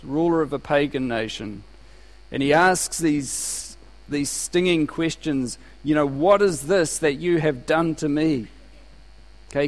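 Pastor, man, slightly high voice, chatty sermon with questions, long hall reverb. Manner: conversational preaching with rhetorical questions and anecdotes.

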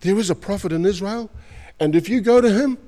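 A man's voice: sits high, a little fast, warm tone, in a large hall, voice pushed up, natural voice. A man voicing a little servant girl, eager and hopeful.

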